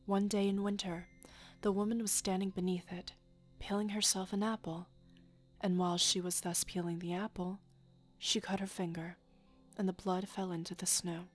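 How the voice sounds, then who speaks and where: Softly whispering woman telling a fairy tale. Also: mid-range voice, little pitch movement, moderate pace, soft background music. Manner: soft, often half-whispered narration. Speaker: storyteller. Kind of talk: fairy tale read aloud.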